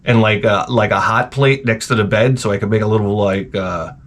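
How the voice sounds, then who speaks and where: A man telling a comedic rant in a lively, swearing storytelling manner, in a garage workshop. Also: fairly low pitch, fairly quick. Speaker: video host.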